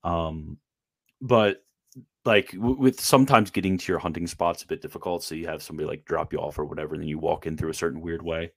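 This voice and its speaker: Deep-voiced Maryland man rambling casually. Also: fairly even intonation, dry recording, clean studio sound. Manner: rambling, halting, lots of fillers and restarts. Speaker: podcast host. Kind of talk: casual chat.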